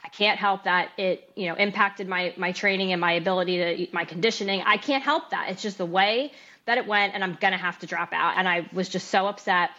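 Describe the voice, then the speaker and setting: A woman in her thirties, a podcast guest, candidly recounting her story in an interview, animated and laughing at times. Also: medium pitch, brisk. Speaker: podcast guest, amateur boxer. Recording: slightly dull, lo-fi sound.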